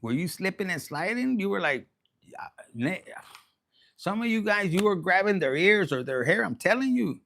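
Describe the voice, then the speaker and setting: Animated, gravelly-voiced man. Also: high-pitched, normal speed, slight background noise. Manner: animated, profane, switches into Spanish slang. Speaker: tarot reader. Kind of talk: casual livestream tarot reading.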